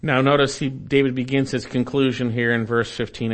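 A pastor preaching a sermon with emphatic repetition, swinging from loud exclamations down to a hushed, quiet close. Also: male voice, medium pitch, flat delivery, fairly quick, hardly any pauses. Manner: emphatic preaching, rising to exclaim then dropping to a hush; repeats phrases for emphasis.

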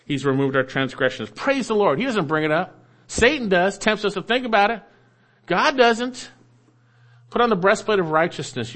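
A man preaching a sermon, explaining scripture verse by verse and swinging between emphatic rises and quiet low endings. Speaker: pastor.

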